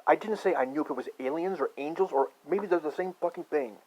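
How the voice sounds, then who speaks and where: A man in a rambling, profane conspiracy rant that swings from muttering to shouting. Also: fairly high pitch, fast talker. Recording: dull lo-fi recording.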